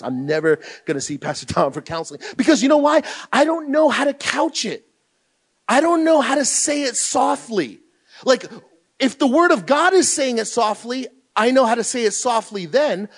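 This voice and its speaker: A man preaching a sermon as pastor, emphatic and animated, with loud bursts when he reads scripture aloud. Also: sits high.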